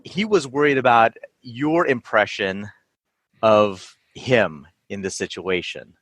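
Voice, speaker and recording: A man's voice: fairly low pitch, takes it slowly, a bit bright, no echo. A man hosting a podcast, asking questions and reflecting in a hesitant way with many fillers. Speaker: podcast host. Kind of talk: interview conversation.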